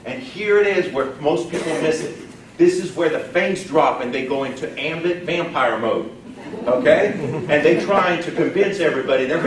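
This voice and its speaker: Folksy male trainer, high-pitched, heard from far back in a very echoey room. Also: animated, moderate pace, background noise. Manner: folksy, emphatic, quizzes the audience. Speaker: sales trainer. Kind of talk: live training seminar. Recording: echoey room, distant mic.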